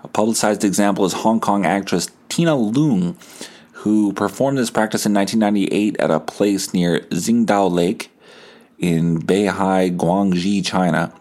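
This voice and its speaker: A man hosting a solo podcast, rambling casually with deadpan sarcasm and jokes. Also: low-pitched, unhurried. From Canada. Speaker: podcast host.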